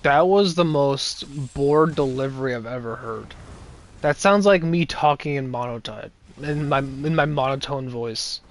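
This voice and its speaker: A man's voice: medium pitch, measured pace. A young man giving casual, rambling gameplay commentary with sarcastic asides and chuckles. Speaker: gameplay streamer.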